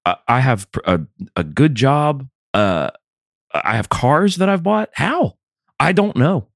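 A man's voice: medium pitch, big pitch swings, slow, creaky, dry recording, clean studio sound. A man in his thirties from the American South, co-hosting a podcast in a casual, rambling, wry and sometimes profane way. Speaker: podcast co-host. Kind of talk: casual chat.

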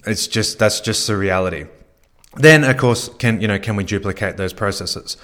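A man with a somewhat low voice talks through his podcast in a loose, conversational way. He circles back on phrases and fills gaps with easy verbal fillers, sounding like a coach chatting with his team. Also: normal speed, a bit bright. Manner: conversational, many fillers, repeats himself. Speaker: podcast host. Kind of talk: casual podcast coaching talk.

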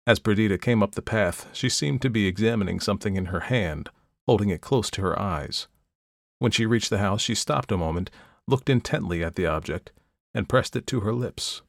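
A man narrating a classic story in a measured, even storytelling manner. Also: fairly low pitch, gravelly, dry recording, clean studio sound. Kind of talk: audiobook reading of classic fiction.

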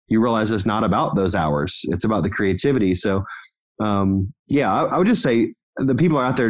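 A man talking as a podcast guest and company founder, telling stories in an energetic, motivational way. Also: fairly low pitch. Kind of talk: casual podcast conversation.

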